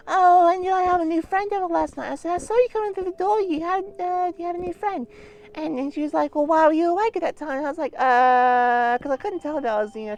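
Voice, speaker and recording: A man voicing a rambling, easily sidetracked young boy puppy in a plush-toy comedy parody. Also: extremely high pitch. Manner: rambling, forgetful storytelling.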